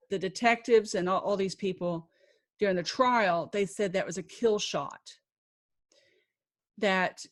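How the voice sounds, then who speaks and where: A woman, a podcast guest, recounting a personal story in an emotional, halting way with many restarts and a faith-filled tone. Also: medium pitch.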